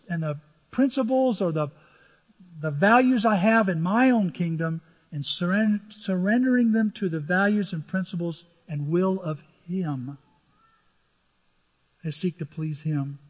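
A man's voice: high-pitched, breathy edge. An older man preaching a sermon as pastor, speaking conversationally and acting out dialogue from the stories he tells. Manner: conversational storytelling, acts out biblical dialogue. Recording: dull audio with long hall reverb.

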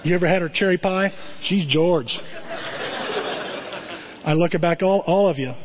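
A man giving a lively motivational talk to a group, calling on listeners by name. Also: high-pitched, measured pace, dull audio. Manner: animated, addresses listeners by name.

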